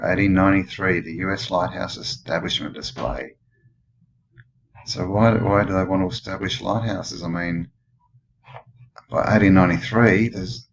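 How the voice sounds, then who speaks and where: A channel host with an Australian accent and a low-sitting voice comments casually on old photos, the audio sounding dull. He rambles and muses aloud, asking one question after another.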